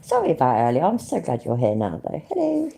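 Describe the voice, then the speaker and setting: British woman streamer, low mellow voice that swings widely, sarcastic and profane. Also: huge pitch swings, fast, vocal fry, breathy edge. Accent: British English. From Britain. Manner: sarcastic, sweary ranting. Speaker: livestream host. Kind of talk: live commentary reacting to clips.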